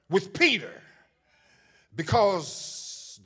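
A man's voice: fairly high pitch, moderate pace, pushed and bright. A man preaching a sermon, emphatic and repetitive, swelling into a sing-song cadence.

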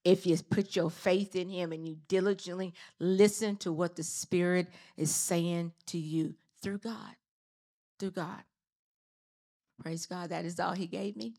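A woman's voice: on the low side, fairly even intonation, measured pace, vocal fry, warm tone. A woman preaching a sermon, exhorting her listeners with fervent, repetitive calls. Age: adult with children.

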